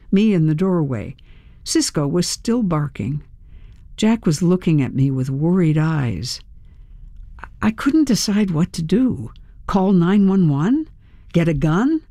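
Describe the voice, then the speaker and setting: A narrator reading a tense first-person story aloud in a measured, storytelling manner. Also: medium pitch, big pitch swings, mellow, dry recording, clean studio sound. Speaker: audiobook narrator.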